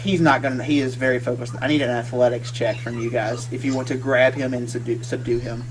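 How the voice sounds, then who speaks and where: Halting game master with a hum behind. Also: male voice, medium pitch, level tone. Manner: halting, many fillers and restarts. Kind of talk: narrating a tabletop game.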